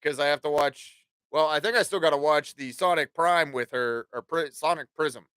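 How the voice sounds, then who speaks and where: A man's voice: fairly high pitch, normal speed, a bit bright, clean tone, no room sound. A man in his forties hosting a talk show, rambling through an opinionated, profanity-laced casual monologue.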